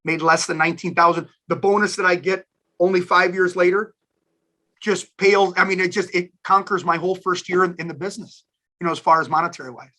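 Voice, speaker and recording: A man in his fifties, a station manager and alumni guest, telling career stories in a chatty, animated interview. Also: high voice, fairly quick. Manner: animated, chatty storyteller who addresses listeners as guys. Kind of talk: casual storytelling interview.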